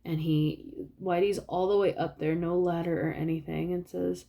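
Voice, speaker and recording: A woman's voice: fairly low pitch, level tone, moderate pace, gravelly, warm tone. A woman vlogger casually retelling a film plot in a rambling way. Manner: rambling, many fillers and restarts.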